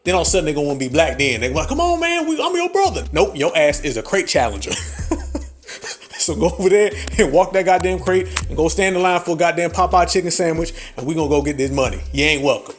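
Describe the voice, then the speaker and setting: Man, podcast host, brash profane rant, frequent laughs, slightly high voice. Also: quick pace. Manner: brash, laughing, heavy swearing.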